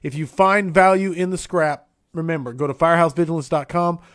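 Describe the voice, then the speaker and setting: A man's voice: fairly high pitch, steady tone, a little fast, fairly bright tone, no room sound, clean studio sound. Upbeat man hosting a podcast. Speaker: podcast host. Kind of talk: casual live-stream interview.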